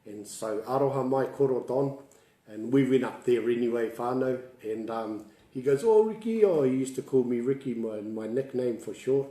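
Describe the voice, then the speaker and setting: A relaxed, mellow-voiced man with a New Zealand accent runs a casual online language lesson. He talks in a chatty storytelling way, laughs a lot and mixes Māori words into his talk. The sound is roomy and echoey. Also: mid-range voice, normal speed.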